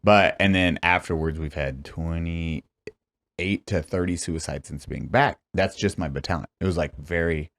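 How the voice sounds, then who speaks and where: A man in his thirties hosting a podcast interview, telling stories loudly with laughter and swearing. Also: low-pitched, measured pace, vocal fry. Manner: loud, laughing storytelling with swearing. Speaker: podcast host.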